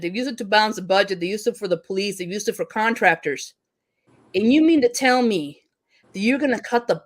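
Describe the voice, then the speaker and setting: Woman, teacher, heated rant, profane, stumbling restarts, mid-pitched voice. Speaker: teacher and panel guest. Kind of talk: impassioned discussion.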